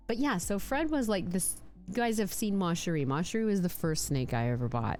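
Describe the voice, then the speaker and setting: A woman's voice: medium pitch, lively intonation, brisk, hardly any pauses, darkish tone, faint music behind. A woman on a casual live stream, chatting playfully about her pet snakes and now and then putting on silly voices for them. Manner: chatty, playful, talks with lots of likes and restarts.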